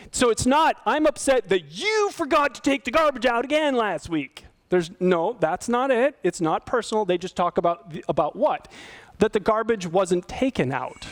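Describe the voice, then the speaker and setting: A middle-aged male pastor giving a sermon in a conversational way, often asking his listeners questions. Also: high-pitched. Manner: conversational, asks the audience questions.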